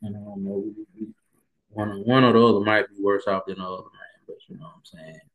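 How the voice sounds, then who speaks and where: A man's voice: lowish voice, flat delivery, fast talker, fairly bright tone. Emphatic man ranting about football. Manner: emphatic, repetitive, colloquial, rising to heated emphasis. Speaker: sports commentary vlogger. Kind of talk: casual sports opinion monologue.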